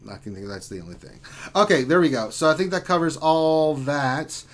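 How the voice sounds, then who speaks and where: A man hosting a gaming live stream in relaxed, rambling chat. His voice sits a bit high for a man, and he rushes through announcements in quick bursts. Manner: loose and rambling, fast bursts. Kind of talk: casual chat.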